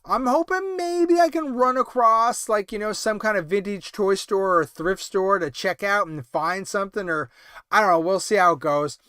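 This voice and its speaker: A man hosts a late-night livestream, sounding tired and loose as he rambles through halting, filler-heavy chat. His voice sits high for a man and comes through smooth and clear. The sound is dry and close, with no room echo. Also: bright, forceful tone. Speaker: toy collecting livestream host.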